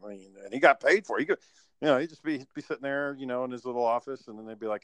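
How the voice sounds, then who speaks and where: A man's voice: mid-range voice, very fast, dry recording. A man co-hosting a podcast in casual chat, laid-back and rambling, swearing freely. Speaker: podcast co-host.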